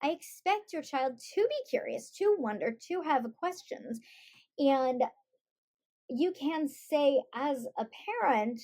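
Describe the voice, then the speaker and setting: Woman, middle-aged, high voice, chatty podcast guest, lively storytelling. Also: slow. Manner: animated storytelling, acts out quoted voices. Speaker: guest, author and parent. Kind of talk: conversational podcast interview.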